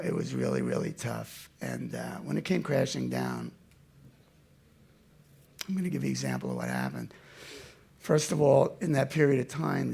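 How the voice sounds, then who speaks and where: Older man, gravelly, husky, animated storyteller, loud then hushed. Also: medium pitch. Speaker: speaker telling his life story to an audience. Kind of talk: storytelling talk.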